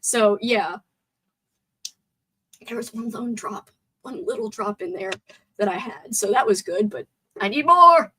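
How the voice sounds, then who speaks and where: A woman hosting a casual live stream movie chat with a sore throat. She is chatty and excitable, and reads viewer comments aloud. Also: medium pitch, a little slow, pauses often, slight background noise, rough recording.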